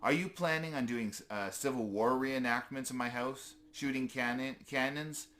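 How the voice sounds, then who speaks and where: A man's voice: mid-range voice, moderate pace, a bit bright, lightly acted. A man voicing a polite, hungry young male squirrel who asks eager, slightly wary questions. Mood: earnest.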